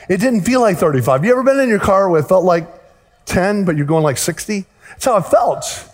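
A man preaching a sermon, telling a story and acting out the dialogue in lively fashion. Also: high-pitched, fairly quick. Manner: animated, acts out dialogue in the story. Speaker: pastor. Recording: long hall reverb.

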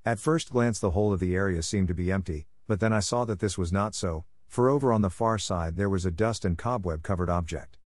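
Low-voiced man reading a ghost story. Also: darkish tone, dry recording, studio quality. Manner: measured, formal first-person telling. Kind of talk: scripted story narration.

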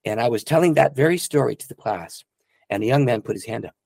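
A man's voice: mid-range voice, animated, fast talker, creaky, darkish tone, dry recording. A middle-aged male pastor telling a personal testimony in an earnest, emotional way. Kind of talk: testimony storytelling.

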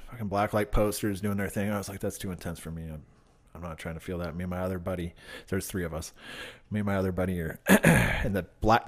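A man casually telling stories from his youth, loose and profane, slipping into loud high voices when he quotes people. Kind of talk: casual storytelling.

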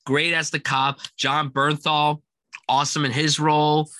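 Young male co-host, bright and dry-sounding, casual and enthusiastic film chat. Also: fairly high pitch, little pitch movement, unhurried, dry recording. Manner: enthusiastic, quotes lines in loud put-on voices.

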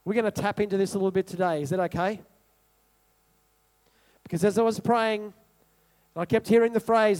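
A man preaches with an unusually high-pitched voice. He repeats key phrases for emphasis and keeps asking the congregation questions as he works through scripture. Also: fairly even intonation, normal speed, long pauses, a little mellow. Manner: repetitive rhetorical preaching, asks the congregation questions. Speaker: pastor. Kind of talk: sermon.

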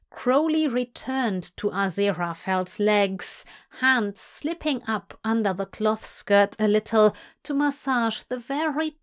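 A woman reading a story aloud in a soft, hushed voice that drifts into whispers. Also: mid-range voice. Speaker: audiobook reader. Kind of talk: narrating fan fiction aloud.

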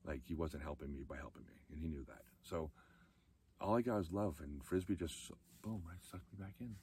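A man's voice: deep voice, brisk, darkish tone, slightly rough. A man telling his own life story candidly and emotionally, close to tears at times. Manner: emotional, candid, acts out quoted friends in a raised voice. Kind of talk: personal storytelling talk.

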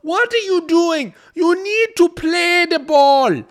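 A man imitating an angry Trinidadian football coach with a Trinidadian accent, barking slow, drawn-out orders from far off. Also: extremely high pitch, expressive, fairly bright tone, voice pushed up, heavily acted. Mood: yelling. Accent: Trinidadian impression.

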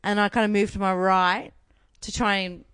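A woman's voice: mid-range voice, normal speed, smooth, dry recording. Chatty young Australian woman. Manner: animated storyteller, swears freely. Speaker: podcast co-host. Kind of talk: casual chat.

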